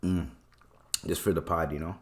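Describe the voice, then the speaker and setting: A man's voice: sits low, fairly even intonation, moderate pace. Laid-back, slangy young man hosting a podcast. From Canada. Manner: laid-back, swears often, slangy, rambling. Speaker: podcast host. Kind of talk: casual solo podcast talk.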